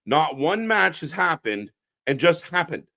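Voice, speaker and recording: A man's voice: on the high side, very animated, measured pace, creaky, pushed and bright. Profane sarcastic man doing live commentary. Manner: blunt, profane and sarcastic, riffing to the chat. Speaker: host of a live wrestling watch-along stream. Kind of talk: unscripted live alternative commentary.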